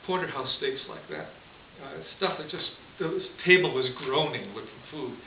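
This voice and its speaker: Chuckling priest in an echoey room. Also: male voice, medium pitch, animated, normal speed, gravelly. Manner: conversational, chuckles often. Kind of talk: storytelling homily. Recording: distant echoey lo-fi room recording with hiss.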